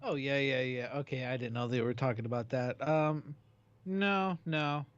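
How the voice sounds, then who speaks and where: A man co-hosting a radio show who answers in quick, agreeable banter. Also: medium pitch, no echo. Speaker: co-host. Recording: dry, muffled line.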